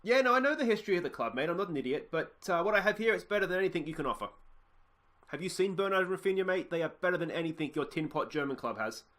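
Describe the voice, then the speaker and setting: A man's voice: high-pitched, expressive, racing, a bit bright, pitched above the performer's own voice. A man with an Australian accent playing a brash male football manager taking a phone call, cocky and dismissive. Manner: cocky, dismissive, says mate a lot.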